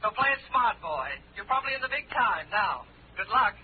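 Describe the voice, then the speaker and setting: A woman's voice: fairly high pitch, big pitch swings, heavy background noise. An actress playing an impatient, commanding wealthy woman who hires a detective, in 1940s radio acting. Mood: pleased. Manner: brisk, bossy. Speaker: client of the detective. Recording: tinny old radio broadcast.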